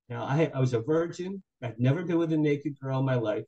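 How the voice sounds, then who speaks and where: A man's voice: mid-range voice, a little fast, hardly any pauses, rough recording. An older man telling a story as a guest. His voice sits mid-range, and he drives the story along by acting out what everyone said. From New Jersey. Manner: animated, acts out other people's quotes. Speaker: guest, author. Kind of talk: comic personal storytelling.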